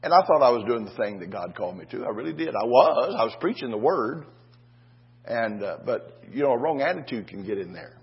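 A man's voice: mid-range voice, lively intonation, brisk, breathy edge, lo-fi sound. An older man preaching a sermon to a congregation in a folksy way, telling stories and often asking "Amen?". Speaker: pastor.

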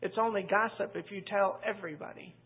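A woman's voice: medium pitch, steady tone, brisk, slightly rough. A woman teaching a church Bible class in a conversational, emphatic way, quoting scripture and addressing the room directly. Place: church room with a live group. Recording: tinny, lo-fi phone-like audio.

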